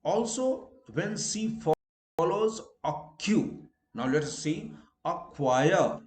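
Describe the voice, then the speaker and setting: A man from India with an Indian English accent, teaching a recorded pronunciation lesson and drawing out each example word slowly and deliberately. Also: high voice, animated, darkish tone, reverberant.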